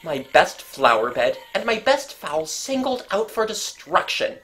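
A woman reading as an indignant gentleman of a country house, loud and worked up, in a storybook reading. He fumes at every loss, with a raised, lively voice. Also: on the low side, measured pace, a little hiss or hum, pitched above the performer's own voice. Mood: agitated. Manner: indignant, fuming. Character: agitated middle-aged country gentleman.

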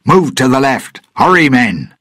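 A man's voice: sits low, unhurried, slightly rough, dry recording, studio quality, full character voice. A man voicing a worried older male ship's mate who calls orders urgently, in a storybook reading.

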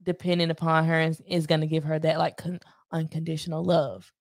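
A woman in her late twenties in casual podcast chat, animated and talkative, often asking "you know what I mean.". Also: low voice, a little fast, dry recording, studio quality. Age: 20s. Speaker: podcast guest.

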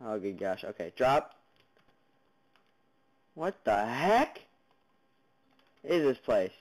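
This gaming channel host has a mid-range voice and speaks extremely slowly yet very animatedly as he narrates a block-building let's play. He's jumpy, talking to monsters and viewers and yelping without warning. It's a rough recording from a basic computer mic, no headphones.

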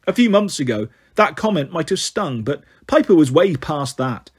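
A man narrating a fantasy novel aloud as an audiobook reader, in a steady storytelling manner. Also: on the high side, normal speed, hardly any pauses, slightly rough. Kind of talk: audiobook reading.

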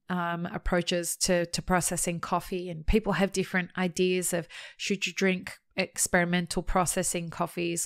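Woman with a smooth, clear voice hosting. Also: on the low side, no room sound, clean studio sound. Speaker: podcast host. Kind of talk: podcast interview and sponsor reads.

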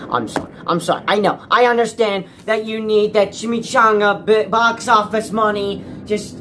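A man's voice: sits high, steady tone, normal speed, few pauses, background noise. Frantic young man ranting alone. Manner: anxious and exasperated, repeating himself, swinging from mutters to cries. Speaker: movie fan vlogger. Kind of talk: frantic solo rant.

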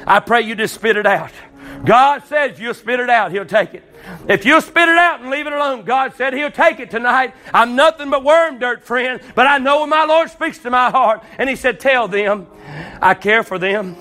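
High, bright-voiced fervent male preacher. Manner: fervent, rising to shouts with folksy asides. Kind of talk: altar call sermon. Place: church service.

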